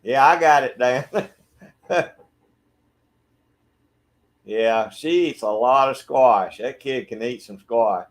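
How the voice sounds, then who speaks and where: A middle-aged man from Georgia with a Southern accent, hosting a relaxed livestream and greeting viewers by name. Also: mid-range voice, slow, long pauses. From Georgia, USA. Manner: friendly, laid-back, greets viewers by name. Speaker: livestream host. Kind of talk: casual chat reading viewer comments. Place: backyard shed.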